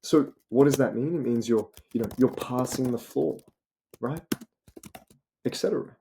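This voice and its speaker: A man's voice: medium pitch, normal speed, vocal fry, mellow. Young Australian man tutoring, keyboard clicks behind. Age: young adult. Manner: rhetorical, repeats "right?" and "you know". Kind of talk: informal explanatory lesson. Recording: noisy recording with keyboard clicks.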